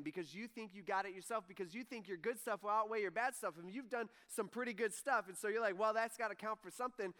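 A pastor preaches to an audience in a church hall, his high-sitting voice bright and forceful. His sermon is casual and conversational, and he acts out the people he quotes.

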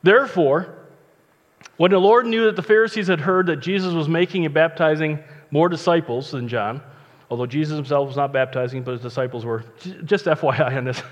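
Joking pastor preaching in a reverberant hall. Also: male voice, on the high side, fairly quick. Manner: chatty, joking asides, conversational. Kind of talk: casual sermon with Bible reading. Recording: long reverb, dull lo-fi sound.

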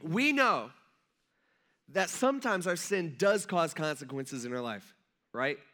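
A young male pastor with a fairly high, bright voice, preaching in a loose, conversational way. He rambles through stories and asides with plenty of fillers. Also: expressive, measured pace. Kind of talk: casual conversational sermon.

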